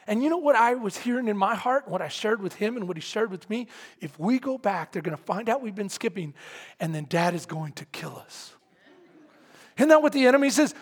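A preacher from San Antonio, Texas, telling a story in a sermon to his congregation, animated and often shouting, then quiet and earnest. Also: extremely high pitch, moderate pace, breathy edge. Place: large hall, speaking to a congregation. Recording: long hall reverb.

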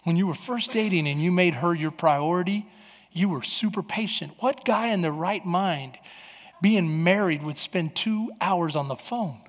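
A pastor preaches with a notably high-pitched man's voice, telling stories and slipping into the voices of the people he quotes. His words ring out with a long echoing reverb, as if filling a large sanctuary. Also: a little slow. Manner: lively storytelling preacher, acting out quoted voices. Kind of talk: sermon.

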